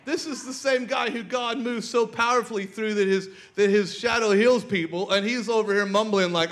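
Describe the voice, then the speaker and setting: A preacher with a strikingly high voice, delivering a lively sermon. He tells his story with animated energy, laughs often, and turns to the congregation with questions. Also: moderate pace.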